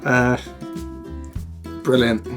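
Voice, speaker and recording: A man's voice: mid-range voice, flat delivery, drawn-out words. A man hosting a reaction video, gushing with enthusiastic praise and stumbling a little over his words. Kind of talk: casual reaction commentary. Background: guitar music.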